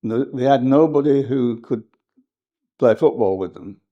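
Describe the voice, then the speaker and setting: An older English historian reminiscing in an interview, rambling and hesitant, with frequent laughs. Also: male voice, mid-range voice, measured pace, lo-fi sound. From England. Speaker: historian guest.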